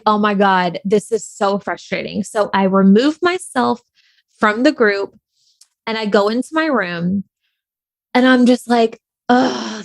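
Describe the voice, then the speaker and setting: An online creator, a woman with a slightly high voice, tells a personal story casually and candidly, loading it with fillers like "like" and "you know." The recording is dry.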